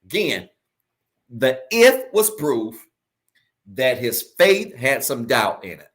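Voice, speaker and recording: A man's voice: mid-range voice, sing-song. Man preaching with emphatic repeats. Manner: preaching with sudden soft drops and slow emphatic repeats. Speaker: pastor. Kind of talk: sermon. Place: online church service.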